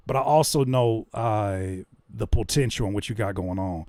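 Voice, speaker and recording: A man hosting a casual livestream, reacting to music and joking with chat in an animated way. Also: medium pitch, normal speed, hardly any pauses, no room sound, studio quality. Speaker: livestream host giving music feedback.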